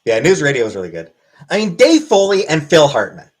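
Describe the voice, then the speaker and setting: A man chatting on a casual livestream, answering viewers' questions one by one. His delivery is dry and deadpan, but his pitch moves around a lot. He sounds offhand and wry. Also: a little fast, slightly rough. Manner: deadpan, wry, reads chat aloud. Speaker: livestream host.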